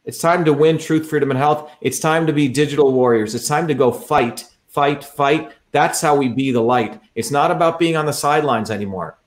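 Guy running for office, fired up and repeating himself over and over, voice sits a bit high, talking on a stream. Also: normal speed, hardly any pauses. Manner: repetitive, rallying and combative. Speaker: political candidate. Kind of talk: livestream campaign talk.

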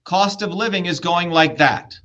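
A man's voice: high voice, normal speed, sharp tone. A man running for office, arguing bluntly and lecturing with profanity in a heated political debate. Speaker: political candidate.

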